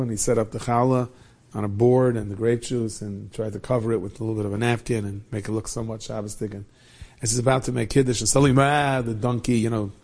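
A man telling a Hasidic tale in a lively way, dropping in many Yiddish and Hebrew words. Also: on the low side, creaky. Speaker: storyteller.

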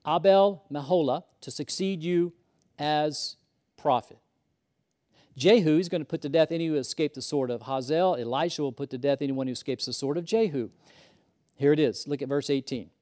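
A man's voice: on the high side, a little mellow. A man preaching a sermon, emphatic, rising and falling as he acts out the lines he quotes. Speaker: pastor.

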